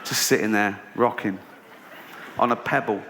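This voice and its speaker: An English man performing a stand-up comedy routine on a theatre stage, telling stories deadpan and then ranting in disbelief. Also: fairly low pitch, moderate pace. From England. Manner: storytelling, deadpan then rising to incredulous rants. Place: theatre stage with a laughing audience. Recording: noisy live venue recording.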